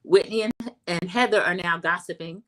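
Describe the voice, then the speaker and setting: A middle-aged woman hosting a livestream, casually recapping a reality TV episode and giving her opinions, chatty and animated when she acts out quoted lines. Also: on the low side, normal speed, rough recording. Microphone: home streaming setup.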